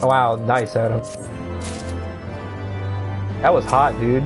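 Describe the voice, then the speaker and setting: A young man streaming a game, rambling through casual commentary with lots of swearing and excited outbursts. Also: medium pitch, normal speed, long pauses, music in the background, low-quality recording.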